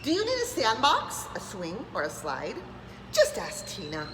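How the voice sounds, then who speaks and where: Animated woman reading to kids. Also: mid-range voice, unhurried, noisy background. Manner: animated, enthusiastic, does voices. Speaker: preschool storyteller. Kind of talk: children's read-aloud. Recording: echoey room with long reverb.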